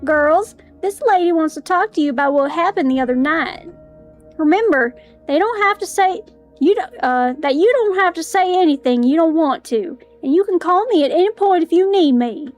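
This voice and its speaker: A woman's voice: very high voice, lively intonation, moderate pace, faint music behind, pitched above the performer's own voice. A woman voicing a stern, defensive middle-aged mother who speaks firmly.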